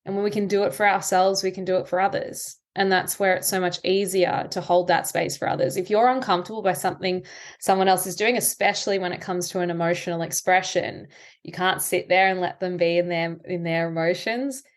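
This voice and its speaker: Calm, lower-voiced woman coach. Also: brisk. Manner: calm, reflective, explanatory. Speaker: anxiety coach and podcast guest. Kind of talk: conversational interview.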